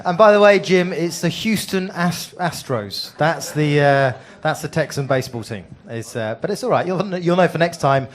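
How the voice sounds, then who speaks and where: A man hosting a comedy night, loudly rallying the crowd between acts on a club stage. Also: a little high, moderate pace, few pauses. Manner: loud and hyped, rallying the crowd. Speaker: compère. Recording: live club recording with crowd noise.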